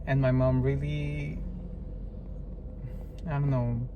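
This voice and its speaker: Man, vlog storytime, slow unhurried talk, heartfelt and hesitant, noisy traffic in the background. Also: medium pitch, fairly even intonation, lo-fi sound. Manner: hesitant, heartfelt, many fillers and restarts. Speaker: vlogger.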